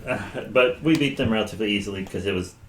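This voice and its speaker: A man recapping a tabletop session with friends in a relaxed, chatty way. He laughs often and slips into quick voices for the people he quotes. The room rings with echo under a faint hiss. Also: fairly low pitch. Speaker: podcast co-host and player. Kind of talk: casual recap chat. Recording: roomy echo with faint noise.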